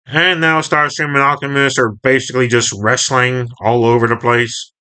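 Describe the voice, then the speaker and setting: A man's voice: mid-range voice, steady tone, normal speed, bright, forceful tone, clear, resonant tone. A man reading and reviewing a comic book in a chatty, rambling way, often correcting himself. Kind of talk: casual comic reading and commentary.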